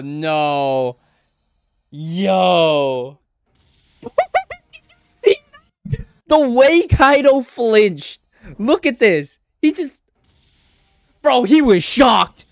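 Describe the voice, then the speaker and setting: A man reacting live to an anime episode, excitable and exclaiming, swearing in casual slang. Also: sits high, very slow, no echo, clean studio sound.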